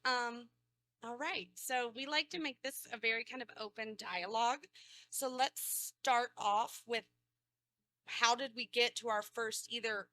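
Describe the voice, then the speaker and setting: Chatty woman losing her voice, bright tone. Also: fairly high pitch, a little slow. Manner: chatty, laughs often, rambling restarts. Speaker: cosplay guest panelist. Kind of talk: casual convention panel talk. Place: convention panel room.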